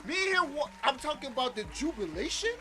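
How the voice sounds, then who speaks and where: A man chatting as a podcast guest, telling stories in an animated way and laughing as his voice jumps up when excited. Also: extremely high pitch, fast talker, over loud music. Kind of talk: animated storytelling chat.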